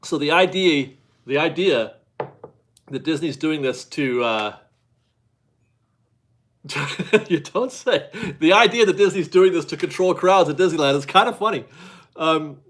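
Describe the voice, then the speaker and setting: A man's voice: fairly high pitch, animated, measured pace, pauses often, fairly bright tone. A man hosting a casual live stream, chatting loosely with viewers, rambling and laughing as he talks. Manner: rambling, chatty, laughs often, restarts sentences. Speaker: livestream host reading viewer chat.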